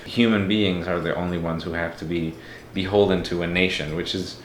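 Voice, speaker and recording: Man, from Mexico, very low voice, reflective, candid, echoey room, faint background hum. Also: fairly even intonation, moderate pace. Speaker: podcast guest. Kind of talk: casual interview talk.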